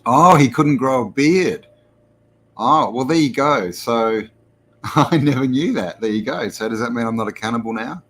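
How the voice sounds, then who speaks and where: A man's voice: medium pitch, fairly bright tone, slight background noise. An Australian man hosting a casual live stream. He rambles, chuckles and greets viewers by name. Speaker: host.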